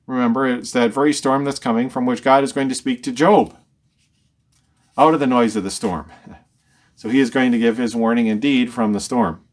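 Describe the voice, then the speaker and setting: This male Bible teacher has a mid-range voice and goes through scripture one verse at a time. Every verse gets read with raised emphasis before he unpacks it in a chatty way, frequently repeating words while thinking out loud.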